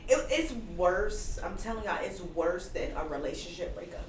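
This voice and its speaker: A woman in her thirties tells a story in a casual podcast chat, her voice lively and swooping. She talks in an animated way and curses freely. The echoey room and distant mic make her sound roomy and set back. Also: fairly low pitch, moderate pace, a little hiss or hum. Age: 30s. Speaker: podcast guest.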